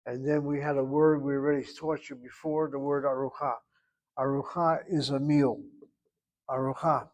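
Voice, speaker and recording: A man's voice: mid-range voice, steady tone, moderate pace, darkish tone. A man teaching a Hebrew class, explaining grammar step by step and calling on students by name. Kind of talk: online class instruction.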